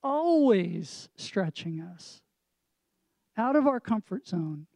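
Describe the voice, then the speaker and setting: Speaking slowly yet very animatedly, this marriage counselor has a high, darkish voice recorded without echo. As co-host of a relaxed talk with a pastoral feel, he reflects on the subject through examples and rhetorical questions.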